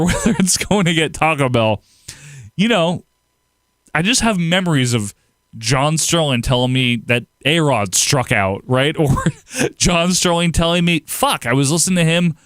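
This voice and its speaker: A man chats casually to his livestream audience, answering comments as they come. His pitch swings a lot as he rambles and laughs. The sound is dry and close to the mic. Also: measured pace, no echo. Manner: rambling, laughs often, animated outbursts. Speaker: livestream host. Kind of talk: casual livestream chat reading viewer comments.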